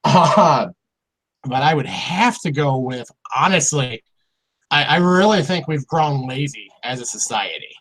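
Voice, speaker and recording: A man's voice: mid-range voice, animated, a little slow, fairly bright tone. A man, a comedian guest, rambling and ranting in exasperation over a glitchy video call. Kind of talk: casual interview on a video call.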